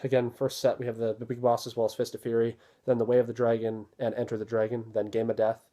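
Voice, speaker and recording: A man casually talking through an unboxing, relaxed and rambling with many fillers. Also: mid-range voice, fast talker. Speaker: video host reviewing a disc set.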